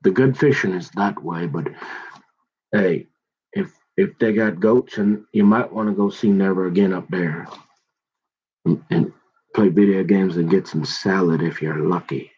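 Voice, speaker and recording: A man's voice: deep voice, measured pace, a little mellow, slightly rough. A man, rambling through a casual monologue with folksy slang, often restarting his sentences. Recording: dull lo-fi sound.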